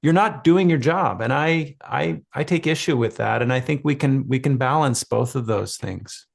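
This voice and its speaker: A male cardiologist speaking as a guest on a video call, in a calm, conversational way. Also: mid-range voice, moderate pace, gravelly.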